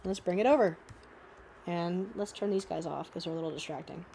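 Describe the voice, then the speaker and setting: A woman's voice: fairly low pitch, a little fast, vocal fry, dark tone, a little hiss or hum. A young woman with a slight cold giving an unscripted drawing lesson, thinking aloud with many fillers. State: sniffly cold. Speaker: art teacher.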